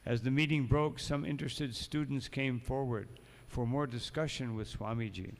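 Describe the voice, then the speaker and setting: At medium pitch and normal speed, a man lectures as a monk during a morning sermon, storytelling and reading passages before adding his own asides. The recording carries the echo of a long temple hall.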